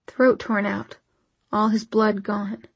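A woman voicing a grieving eighteen-year-old man, quiet and halting in shock. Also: mid-range voice, little pitch movement, gravelly, breathy edge, no room sound, full character voice. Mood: stunned.

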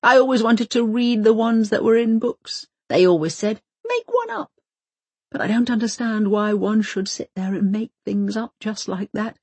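A woman's voice: a little high, darkish tone, slightly rough, no echo, voice pushed up. A woman reading an audiobook voices a prim, fussy older wife who speaks in precise, insistent, formal phrases.

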